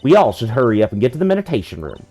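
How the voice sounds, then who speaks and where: A man's voice: mid-range voice, big pitch swings, rapid-fire, a little mellow, breathy edge, faint music behind. A man voicing a brash, pushy woman photographer with a put-on Southern US drawl, boastful and folksy. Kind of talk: fan voicing of a game character.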